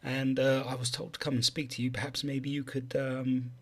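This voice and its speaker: A man's voice: mid-range voice, little pitch movement, normal speed, fairly bright tone, slightly rough. A man speaking in character as a player in a tabletop game, hesitant and polite. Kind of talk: in-character tabletop role-play.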